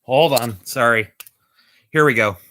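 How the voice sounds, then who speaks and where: A man chatting casually on a vlog about magic tricks, rambling and halting with many fillers and corny jokes. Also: medium pitch, sharp tone. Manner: corny jokey delivery. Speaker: vlogger showing magic tricks.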